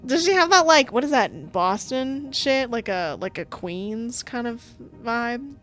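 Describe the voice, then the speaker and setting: A woman's voice: a little high, animated, a little slow, fairly bright tone. Young woman, let's play, casual, profane, laughing, faint music behind. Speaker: streamer playing a visual novel. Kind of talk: let's play commentary and reading aloud.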